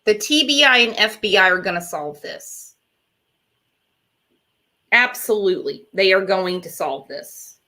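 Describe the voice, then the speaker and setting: A woman's voice: mid-range voice, animated, a little slow, long pauses, sharp tone. A woman hosting a casual chat, blunt and emphatic, often repeating herself. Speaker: host.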